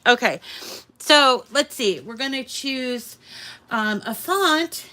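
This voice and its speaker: Slow, bright-voiced chatty woman. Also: sits high, animated. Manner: chatty, meandering, with many ums and restarts. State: slightly out of breath. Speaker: crafting channel host. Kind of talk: casual screen-share tutorial. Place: home.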